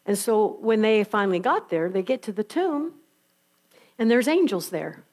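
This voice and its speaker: A woman's voice: medium pitch, animated, normal speed, a little mellow. A woman preacher retelling scripture in a conversational, emphatic storytelling sermon.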